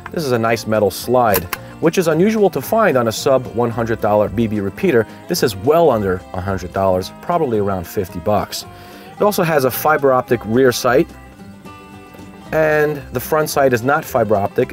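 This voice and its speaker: Guy doing a product demo outside, easygoing and upbeat, average pitch. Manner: casual and upbeat, explaining step by step. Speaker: product reviewer host. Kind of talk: product review demonstration. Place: outdoors.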